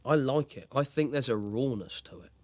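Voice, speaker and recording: A man's voice: mid-range voice, moderate pace, no room sound, close to an everyday voice. An actor playing a pompous, self-important male horror author in a mock documentary interview, grandiose but stumbling over his words. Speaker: writer and lead actor being interviewed.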